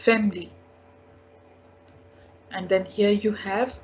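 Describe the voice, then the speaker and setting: Slow, patient woman teaching French. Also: mid-range voice, steady tone. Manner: patient, repeats each word several times. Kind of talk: slow language lesson. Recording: dull lo-fi recording.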